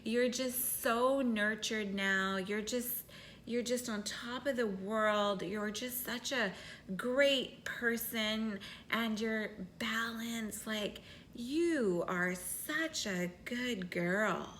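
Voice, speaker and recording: A woman voicing a sweet, overly nurturing motherly inner voice that speaks softly and compassionately. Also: on the high side, extremely slow, a little hiss or hum. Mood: cooing.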